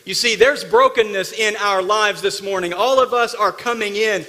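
A man preaching a sermon, his voice high and bright with a sharp edge. He swings from forceful bursts to quiet, intimate asides. The sound carries a long echo, as if it fills a church hall. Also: normal speed. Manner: emphatic preacher, swinging between loud bursts and hushed asides. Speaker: pastor. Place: church sanctuary.

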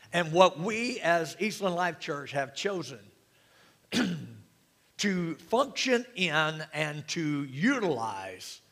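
A man preaching a sermon as pastor, talking with the congregation in a relaxed way, joking and asking them questions. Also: high-pitched, in a large hall. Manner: conversational preaching with humor and audience questions.

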